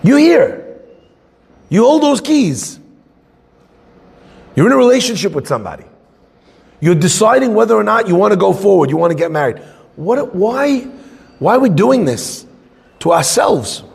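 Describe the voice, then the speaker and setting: A man teaching a Torah class as a rabbi, conversational and animated, acting out little scenes. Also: high voice, moderate pace, gravelly, pauses often, breathy edge, big-room sound.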